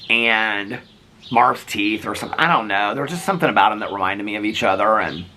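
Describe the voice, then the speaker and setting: A man's voice: fairly low pitch, brisk, bright, forceful tone, slight background noise. A middle-aged man vlogging casually in a chatty, rambling way, often laughing. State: out of breath. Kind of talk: casual vlog chat.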